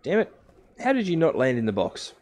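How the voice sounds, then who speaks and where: A man's voice: medium pitch, wildly swooping pitch, fast talker, darkish tone. A man streaming a survival game live, casually explaining each step to his viewers. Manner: chatty, explains steps to viewers.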